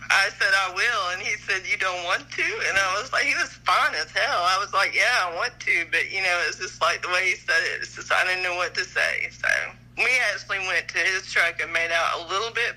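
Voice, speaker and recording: A woman's voice: medium pitch, sharp tone, low-quality recording. A middle-aged woman calling in, chatting frankly and giggling about her dating life. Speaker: caller. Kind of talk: casual chat.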